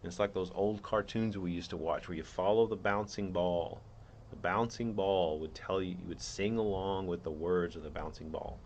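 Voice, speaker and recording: A man's voice: low voice, normal speed, a little hiss or hum. A man hosting his own show, laying out a theory in an earnest, rambling monologue with many restarts. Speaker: podcast host.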